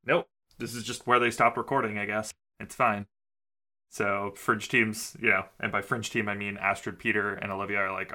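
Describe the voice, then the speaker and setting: A man's voice: on the low side, little pitch movement, moderate pace, pushed and bright. A man co-hosting a podcast, recapping an episode casually with lots of hesitant ums. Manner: hesitant, many ums and restarts. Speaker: podcast co-host.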